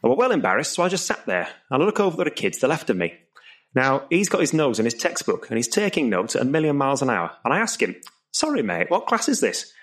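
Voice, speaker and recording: A man's voice: medium pitch, quick pace. A man doing a stand-up comedy routine as compere, telling long joke stories. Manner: lively storytelling with put-on voices for characters.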